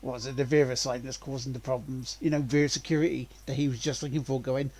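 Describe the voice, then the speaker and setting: Husky, chatty male game streamer. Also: mid-range voice, little pitch movement, fast talker, hardly any pauses, a little mellow. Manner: chatty, rambling, laughs often. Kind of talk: let's-play commentary.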